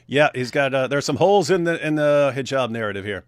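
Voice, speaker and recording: A man's voice: mid-range voice, animated, brisk, few pauses, no room sound. A man hosting a casual live stream, reading viewer comments aloud, laughing often and restarting his sentences. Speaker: host.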